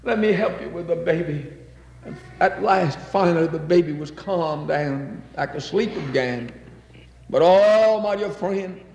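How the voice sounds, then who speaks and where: Male preacher, fervent sermon delivery, slightly high voice, roomy echo. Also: unhurried, gravelly. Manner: fervent, rising to near-shouts on emphasis. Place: church.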